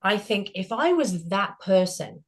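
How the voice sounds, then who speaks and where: A middle-aged woman with a British accent, hosting a group discussion and telling stories in a casual, animated way, acting out the voices of people in them. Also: medium pitch, measured pace. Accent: British English. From Britain. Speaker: group session host.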